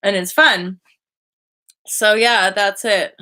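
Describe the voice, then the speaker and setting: A young woman talks casually to her viewers on a live stream. Her voice is bright and clear. She rambles in a spiritual way, with lots of "like" and quick side thoughts. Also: mid-range voice, fairly even intonation. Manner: chatty and spiritual, with fillers and quick asides.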